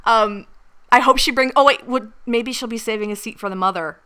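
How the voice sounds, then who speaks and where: Bright, smooth-voiced woman podcast host. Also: fairly high pitch, brisk. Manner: upbeat, enthusiastic, easily amused. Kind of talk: casual podcast chat.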